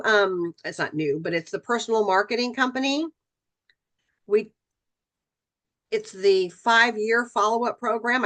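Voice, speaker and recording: This middle-aged woman conducts real estate agent training in a relaxed, conversational manner, slipping into acted-out client dialogue. She has a mid-range voice that's a bit bright.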